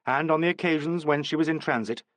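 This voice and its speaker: A man narrating a classic mystery novel as an expressive audiobook reader. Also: a little high, quick pace, no room sound. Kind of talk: scripted narration.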